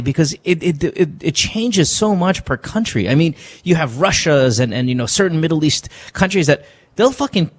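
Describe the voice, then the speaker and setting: A man hosting a radio call-in show, talking loosely with laughter and profanity. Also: high-pitched. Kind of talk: casual late-night call-in talk. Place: radio studio.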